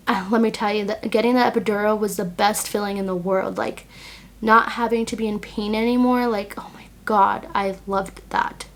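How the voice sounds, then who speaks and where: A young woman vlogger telling a personal story casually while doing her makeup, filling her talk with "like" and retelling what people said in an animated way. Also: medium pitch. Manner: chatty, heavy use of "like", animated retelling. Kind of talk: casual get-ready-with-me storytelling.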